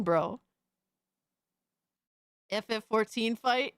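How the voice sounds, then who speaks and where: A young adult woman streamer doing profane, excitable reaction commentary, often shrieking in disbelief. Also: mid-range voice, measured pace, no echo, studio quality.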